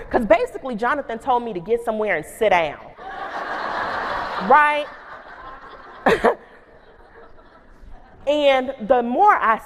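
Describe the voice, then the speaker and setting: A woman principal giving a humorous storytelling keynote, animated and full of call-and-response asides to the audience. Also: sits high, a little hiss or hum. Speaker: keynote speaker and school principal. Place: large conference hall. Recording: long reverb of a conference hall.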